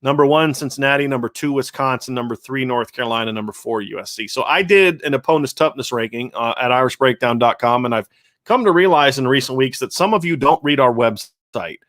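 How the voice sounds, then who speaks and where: Casual guy host reading chat messages, middle pitch, stumbles and restarts a lot, dry sound. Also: brisk, a bit bright, no room sound. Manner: conversational, earnest, many restarts. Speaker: show host. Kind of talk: casual live-stream chat reading viewer comments.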